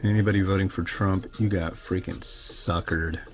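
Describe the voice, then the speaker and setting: Over soft background music, a man with a low voice and fairly even intonation talks at a moderate pace. He hosts an instant noodle review channel and chats casually while cooking and tasting, rambling, opinionated, and often restarting his sentences.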